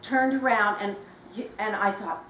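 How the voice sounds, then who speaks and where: A woman in her sixties, a guest author telling anecdotes to a live audience at a bookshop, animated and acting out voices as she goes. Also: medium pitch, measured pace. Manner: animated, acts out quoted voices, laughs while telling. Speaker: guest author at a book talk. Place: bookshop event room. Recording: roomy, distant mic, faint noise.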